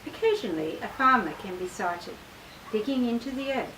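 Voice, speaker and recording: A woman, an author reading her travel memoir aloud in a measured, expressive way. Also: on the high side. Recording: distant mic with faint background noise.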